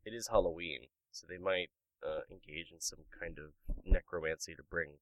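A man's voice: low voice, moderate pace, no room sound, poor audio. A man hosting a comedy podcast in casual chat, reading out news stories and making puns. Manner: jokey, punning, reads out news stories. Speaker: podcast host.

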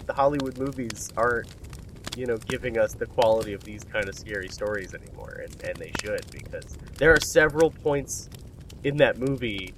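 A man's voice: medium pitch, normal speed, noisy background. A man rambling through a story in comedic banter with friends, swearing as he goes.

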